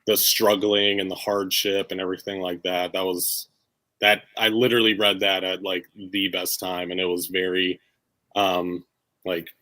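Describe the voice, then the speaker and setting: A man's voice: low-pitched, little pitch movement, moderate pace, pushed and bright, dry recording, low-quality recording. A man co-hosting a casual comics chat, laid-back and thoughtful, with some hesitations.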